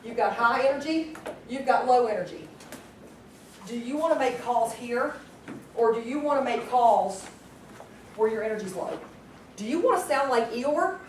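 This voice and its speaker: A woman runs a live training session, firing questions at the group with plenty of energy. Her voice sits slightly high. It is heard from a distance in a reverberant room with faint background hum. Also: normal speed, long pauses. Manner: energetic, quizzes the audience. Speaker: sales trainer. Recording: echoey room, distant mic.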